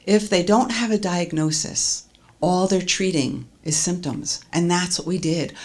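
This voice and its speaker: A woman earnestly recounting a personal story as a testimony, stringing events together with "and". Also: sits low.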